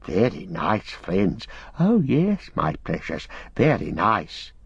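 Gollum, a hissing wretched creature. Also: male voice, on the low side, wildly swooping pitch, takes it slowly, gravelly, breathy edge, no room sound, muffled recording, full character voice. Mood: hissing, aggrieved. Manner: hissing, wheedling, sing-song repetitions. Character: wretched shrunken creature, sly and whining.

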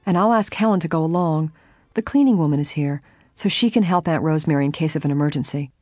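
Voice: medium pitch, fast talker, darkish tone, dry recording, soft background music, close to an everyday voice. Reader doing a young girl detective, earnest and pushy, audiobook, dry recording. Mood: determined. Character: young woman amateur detective, determined.

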